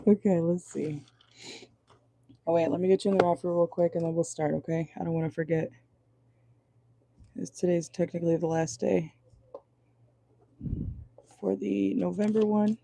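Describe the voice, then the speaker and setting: Hoarse lady doing a casual tarot stream, voice almost gone, really dark and gravelly. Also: lowish voice, fairly even intonation, normal speed, long pauses, dry recording. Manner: chatty, reads viewer comments aloud. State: hoarse, voice going out. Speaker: tarot reader. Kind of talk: casual live tarot reading. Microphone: phone or laptop in a car.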